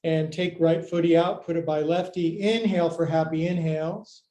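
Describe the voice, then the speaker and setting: An older man with a high voice leads a live yoga class. He talks in quick, playful cues and counts each hold, and he runs a little short of breath along the way. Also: fairly even intonation, dark tone. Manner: upbeat, playful coaching cues, counting reps. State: out of breath at times. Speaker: yoga teacher.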